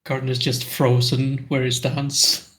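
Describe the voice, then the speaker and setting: A man, a player in a tabletop game, casually narrating his character and pausing often with fillers. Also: mid-range voice, flat delivery, fairly bright tone. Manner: hesitant, with frequent fillers.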